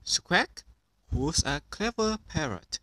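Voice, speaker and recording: A man's voice: on the high side, sing-song, slow, sharp tone, no echo, voice pushed up, heavily acted. A man reading a storybook aloud and voicing a pet parrot that squawks and repeats what people say. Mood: squawking. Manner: squawking, parroting words back. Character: chattering pet parrot who repeats words.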